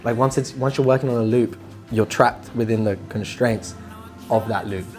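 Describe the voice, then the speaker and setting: A man, a musician, chatting casually in an interview in a relaxed, rambling way that trails off softly at times. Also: mid-range voice, normal speed, faint music behind. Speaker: musician guest.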